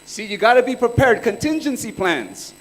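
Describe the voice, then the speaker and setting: A man's voice: extremely high pitch, sing-song, moderate pace. A man in his thirties from California, giving a casual, chatty workshop talk full of slang and stories. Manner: laid-back, chatty storytelling with slang. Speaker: workshop speaker. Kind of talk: casual live presentation. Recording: reverberant hall.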